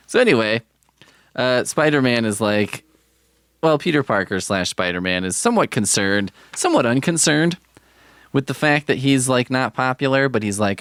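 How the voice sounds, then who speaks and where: A man's voice: on the low side, animated, moderate pace, fairly bright tone, smooth, no echo, studio quality. A man hosting a podcast, talking casually in a rambling, profane, wry way. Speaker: podcast host. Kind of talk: casual chat.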